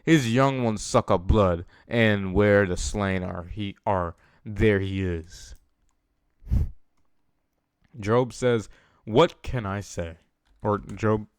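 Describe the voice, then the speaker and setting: Smooth, low-voiced young man reading scripture. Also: no echo, studio quality. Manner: stumbles over words and restarts, laughs at his own asides. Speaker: Bible reader. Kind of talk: reading scripture aloud with casual asides.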